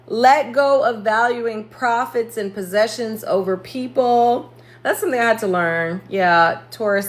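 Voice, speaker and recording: Chatty woman astrologer on a live stream. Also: a little high. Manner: chatty, laughing, jokes and corrects herself, greets viewers by name.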